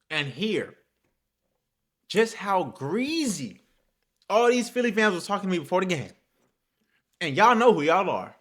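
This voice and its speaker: A young man hosts a football talk show on his own, his voice a little high for a man. Unhurried and given to long pauses, he shifts between quiet mutters and loud, animated trash talk laced with curses.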